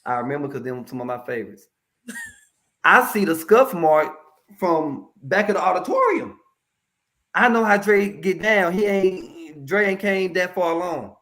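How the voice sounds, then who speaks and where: This is a man with a somewhat high-pitched voice, speaking as a guest in a casual interview about mental health. He tells his stories with animated, colloquial energy and turns to the audience now and then to drive a point home. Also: normal speed.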